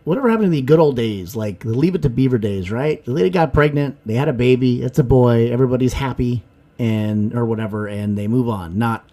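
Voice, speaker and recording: A man's voice: mid-range voice, brisk. A man co-hosting a podcast, talking in a casual, jokey way. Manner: animated, jokey storytelling. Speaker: podcast co-host. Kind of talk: casual chat.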